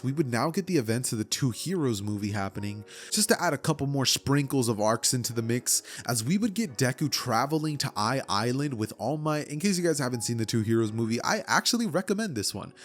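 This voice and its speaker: Chatty male fan narrator, casual storytelling, mid-pitched, faint music behind. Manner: casual, chatty, with asides to viewers.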